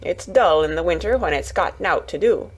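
Woman putting on a gruff old gardener. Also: on the low side, lively intonation, normal speed. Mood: plain. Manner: blunt, grunting, dialect-heavy. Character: gruff old male Yorkshire gardener, surly.

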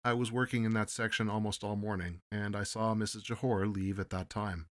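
A man's voice: lowish voice, fairly even intonation, fairly quick, pitched above the performer's own voice, close to an everyday voice. A man doing an eager, polite ship's steward. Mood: earnest. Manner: polite, says sir often. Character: deferential male ship's steward, eager and talkative.

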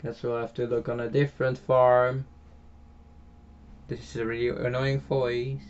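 A man's voice: mid-range voice, little pitch movement, a little slow. Hesitant Dutch-accented man on a dull mic. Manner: hesitant, many filler sounds and restarts. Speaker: game channel host. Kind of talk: casual gameplay commentary voiced afterwards.

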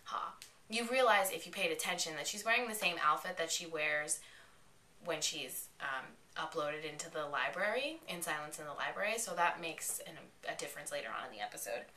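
A woman giving a chatty, excited recap of a television episode. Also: low voice, fairly quick, slight background noise. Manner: excitable, chatty retelling with quoted lines. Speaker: vlogger reviewing an episode. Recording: echoey room, mic at a distance.

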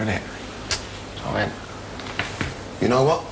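A man's voice: medium pitch, measured pace, pauses often, very noisy. A young man chatting casually as a reality show contestant, cheeky and loose with slang. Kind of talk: casual chat.

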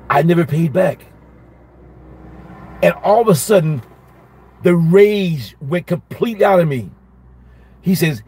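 A man teaching a Bible study as a minister, telling a personal story in a lively sermon style and repeating each phrase for emphasis. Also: a little high, moderate pace, long pauses, breathy edge, no room sound.

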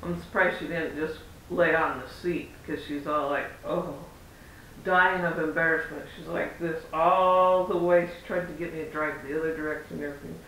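A man talks to his camera in a loose, rambling vlog style, replaying conversations as he goes. His voice sits high for a man, and he is recorded from a distance in a very echoey room with a faint rumble behind him. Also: little pitch movement, normal speed, a bit bright. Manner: chatty, rambling, acts out quoted exchanges. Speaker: parent vlogger. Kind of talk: casual vlog storytelling. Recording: roomy echo, far from mic, faint rumble.

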